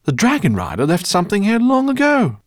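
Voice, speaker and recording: A man's voice: on the low side, sing-song, moderate pace, creaky, darkish tone, slightly rough, dry recording, clean studio sound, heavily acted. A man voicing an enthusiastic older professor who explains things, in a storybook reading. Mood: jovial.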